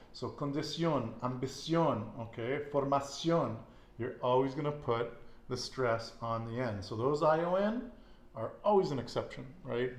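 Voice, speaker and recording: A slightly mellow, medium-pitched male voice guides a Spanish lesson. He's patient as he quizzes a student, repeating her answers back with encouragement, in an echoey room where faint noise can be heard.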